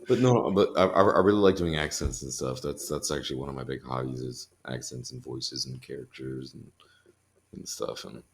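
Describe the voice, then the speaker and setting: A man's voice: a bass voice, vocal fry. A man in his thirties, a podcast guest chatting casually, often breaking into laughs and restarting his sentences. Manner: laughs often, talks in quick bursts with restarts. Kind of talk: casual conversation.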